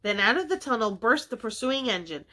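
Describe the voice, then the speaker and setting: A woman's voice: a little high, a little fast. A woman reading a classic children's story aloud expressively for a library. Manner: expressive, animated. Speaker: children's book reader.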